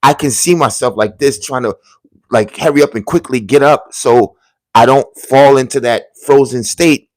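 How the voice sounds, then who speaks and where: A man's voice: mid-range voice, no echo. Earnest man recounting a dream, dry sound. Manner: earnest, halting, drops to a hushed voice at tense moments. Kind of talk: casual storytelling to viewers.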